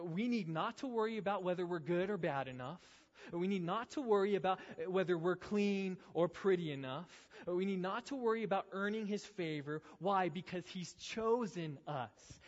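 A man preaching a sermon as pastor, emphatic, with repeated phrases and rhetorical questions. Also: high voice. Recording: dull sound with long reverb in a hall.

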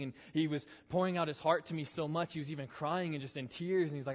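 A man preaching a youth sermon in earnest, building intensity through repeated phrases and then dropping soft. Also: fairly high pitch, steady tone, fast, hardly any pauses. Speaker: youth pastor. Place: church hall. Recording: echoey hall, dull lo-fi sound.

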